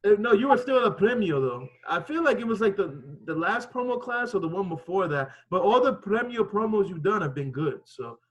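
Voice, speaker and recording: A man's voice: sits high, sing-song, brisk, hardly any pauses, highs cut off. A man giving loose, rambling, profane feedback on a classmate's promo. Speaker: wrestling student. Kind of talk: casual critique.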